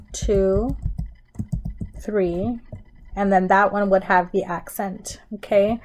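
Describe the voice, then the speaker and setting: A woman teacher talks slowly and patiently through a recorded grammar tutorial. She lays out each step and keeps checking in with her students. Her pitch sits in a middle range. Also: warm tone, a little hiss or hum. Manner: patient, explains step by step with frequent "okay?" checks. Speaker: Spanish teacher.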